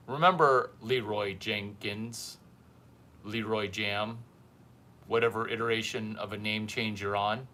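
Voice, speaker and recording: A man's voice: lowish voice, slow pace, bright, forceful tone. A man hosting a livestream as a mentor, talking to his viewers in a blunt, teasing way and repeating lines for effect. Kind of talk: casual livestream monologue.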